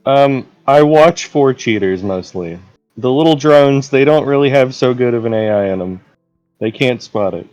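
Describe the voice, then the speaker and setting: Male guest, mid-pitched, deadpan comic delivery, soft music in the background. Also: normal speed. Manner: dry, deadpan joking. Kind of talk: casual chat.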